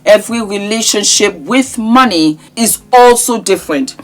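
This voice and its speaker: A woman hosting a casual vlog, talking to her viewers in an affectionate, animated way and sometimes singing a word. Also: mid-range voice, moderate pace. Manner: affectionate, animated, sings words at times. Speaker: vlogger host.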